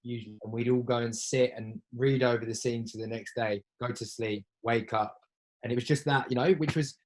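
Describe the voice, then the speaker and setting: A man's voice: medium pitch, steady tone, brisk, low-quality recording. A young man talking casually in an interview, easygoing and a little hesitant as he hunts for his words. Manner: easygoing, hesitant, many fillers and restarts. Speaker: actor, interviewee.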